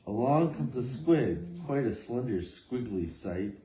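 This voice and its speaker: A man reading a rhyming picture book aloud with a steady rhythmic lilt. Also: mid-range voice, takes it slowly, a crowd in the background. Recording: echoey room, faint noise.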